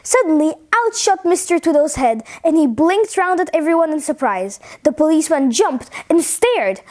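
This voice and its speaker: A woman reading a funny children's story aloud in an expressive, playful way. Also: high voice, normal speed, hardly any pauses.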